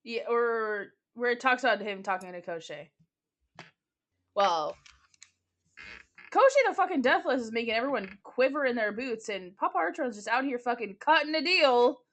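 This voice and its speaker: A woman co-hosting a book podcast, excitable and swearing casually in chat. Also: a little high, moderate pace. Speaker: podcast co-host.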